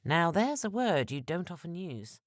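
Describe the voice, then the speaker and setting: A woman voicing a roguish, wry male pirate captain in an audiobook, with gruff, bantering delivery. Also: on the low side, sing-song, normal speed, no room sound, studio quality, pitched above the performer's own voice.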